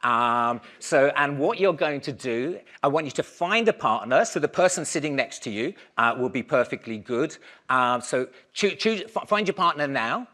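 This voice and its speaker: A man giving a conference keynote, talking in a lively, conversational way and raising his voice to give the audience instructions. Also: medium pitch, normal speed. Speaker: keynote speaker.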